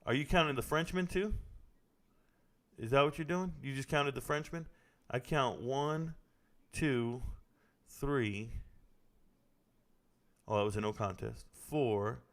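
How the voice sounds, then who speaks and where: Gravelly excitable man reacting live. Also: medium pitch, slow pace, pauses often. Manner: excitable, blurts reactions and talks to chat. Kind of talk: casual live fight commentary.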